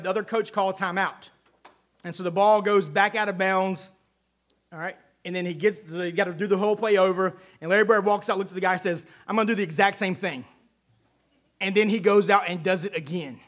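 A man's voice: high-pitched, fairly bright tone. A man preaching a casual, conversational sermon, folksy and chatty with asides and frequent check-ins with his listeners.

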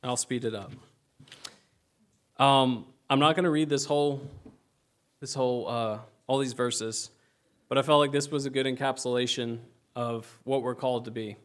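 A young man preaches in a relaxed, conversational way, with plenty of fillers and some self-deprecating asides. His voice sits at a middle pitch and sounds unpolished but sincere. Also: normal speed. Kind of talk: casual sermon.

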